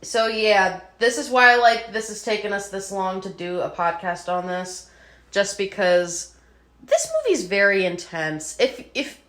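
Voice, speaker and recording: A woman's voice: mid-range voice, animated, measured pace, fairly bright tone. A woman co-hosting a casual podcast, chatty and full of fillers, swearing now and then. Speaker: podcast co-host.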